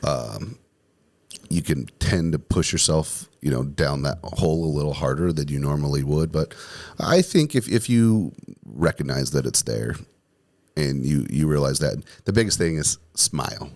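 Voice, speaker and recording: Man with a very deep voice. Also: lively intonation, moderate pace, darkish tone. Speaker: podcast co-host, salesman. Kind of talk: casual chat.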